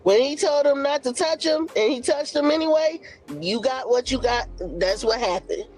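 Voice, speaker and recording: A woman's voice: sits high, lively intonation, normal speed, darkish tone, faint music behind. A woman co-hosting a casual livestream, speaking with passion and indignation. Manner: passionate, indignant, talks it through. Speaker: livestream co-host.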